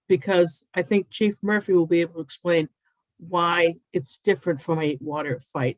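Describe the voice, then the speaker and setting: A woman presenting a plan at a public town meeting, working from her notes with frequent hesitant pauses. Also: lowish voice, no room sound, low-quality recording.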